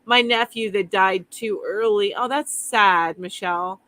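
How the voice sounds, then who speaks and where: Bright-voiced chatty woman host. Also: medium pitch, a little slow. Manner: chatty, rambling, laughs easily. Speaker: live stream host. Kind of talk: casual live chat reading viewer comments.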